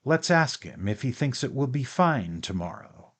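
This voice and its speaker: A man voicing a cheerful middle-aged father in an audiobook, calling out brightly. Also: medium pitch, very animated, moderate pace.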